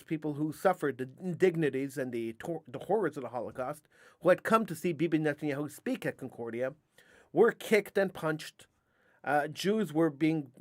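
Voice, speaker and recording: A middle-aged man hosting a talk radio show, telling a story in an emphatic, animated way with frequent restarts. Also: fairly high pitch, no echo, clean studio sound.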